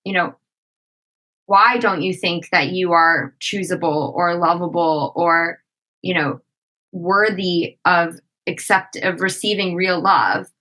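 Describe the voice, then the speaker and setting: A woman's voice: fairly low pitch, fairly even intonation, takes it slowly, pushed and bright, low-quality recording. A woman as a podcast guest, talking reflectively in a casual interview and often saying "like" and "you know".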